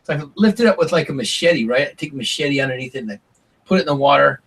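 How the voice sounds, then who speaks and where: A middle-aged man guesting on a podcast, telling stories in a lively way, acting out what people said and swearing casually. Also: medium pitch, fast talker, slightly rough, recorded from a distance. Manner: animated storyteller, acts out quotes, swears casually. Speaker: podcast guest, former reality show contestant. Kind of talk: casual storytelling interview.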